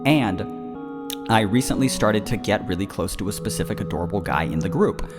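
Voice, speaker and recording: A man's voice: fairly low pitch, expressive, a little fast, loud music behind the voice. A man co-hosting a podcast, reading a listener's email aloud, stumbling, laughing and swearing freely as he goes. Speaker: podcast co-host.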